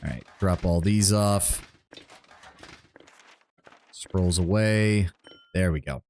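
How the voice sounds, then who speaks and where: A man's voice: low-pitched, takes it slowly, a little mellow, a little hiss or hum. Laughing, casual man streaming a game. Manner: casual, laughing, swears freely. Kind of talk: live game commentary.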